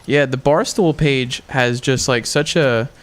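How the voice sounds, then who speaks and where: Slow-talking man, halting answers. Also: mid-range voice. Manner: hesitant, halting. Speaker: podcast guest. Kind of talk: casual chat.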